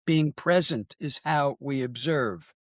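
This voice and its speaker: A man's voice: medium pitch, slow pace, no echo, clean studio sound. An older male psychologist explaining ideas earnestly in an interview, often checking in with "right?". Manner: earnest, emphatic, teacherly with tag questions. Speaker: psychologist and author guest.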